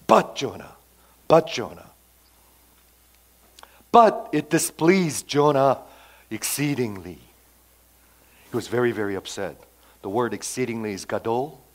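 Male preacher, mid-range voice, animated sermon with big loud-soft swings. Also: medium pitch, measured pace, pauses often, rough recording. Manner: animated, sudden swings between loud and soft, rhetorical questions. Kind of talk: expository sermon.

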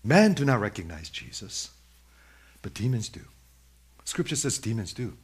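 A man's voice: fairly low pitch, big pitch swings, normal speed, husky. A man preaching a sermon who questions his listeners directly and repeats his points for emphasis.

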